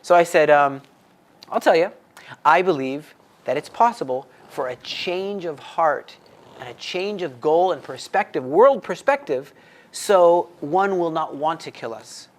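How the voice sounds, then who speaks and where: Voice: medium pitch, lively intonation, measured pace. A person from the United States in casual chat on a faith podcast, animatedly telling a story and acting out the quoted voices.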